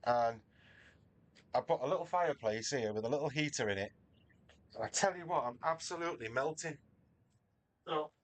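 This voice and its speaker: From his home garage, a middle-aged man from northern England with a Manchester accent livestreams a race and chats casually with viewers, often at his own expense. His medium-pitched voice has lively intonation, and he keeps a moderate pace with frequent pauses.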